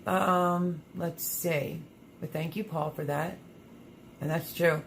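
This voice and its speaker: A low-pitched woman hosts a relaxed livestream, chatting with viewers and reading their comments out loud. She talks casually and drops in plenty of ums. Faint noise sits behind her voice. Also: slow pace, gravelly. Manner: chatty, reads viewer comments aloud, many fillers. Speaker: livestream host reading chat.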